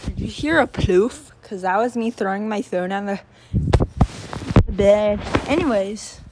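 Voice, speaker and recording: A woman's voice: mid-range voice, unhurried, very noisy. A woman hosting her own channel, chatting in a casual, rambling monologue full of filler words and restarts. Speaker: channel host.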